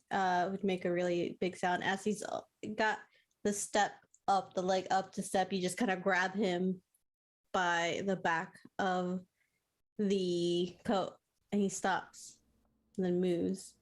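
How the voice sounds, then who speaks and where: A woman acting as game master, narrating a tabletop game in a halting way, with many pauses and fillers. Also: mid-range voice.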